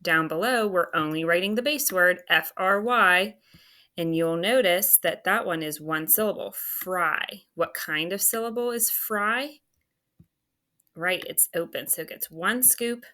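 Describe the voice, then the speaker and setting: Going through a phonics lesson, a woman speaks a little slowly in a fairly low voice that sounds pushed and bright. She writes on a screen and murmurs to herself, patiently sounding out each word one letter at a time.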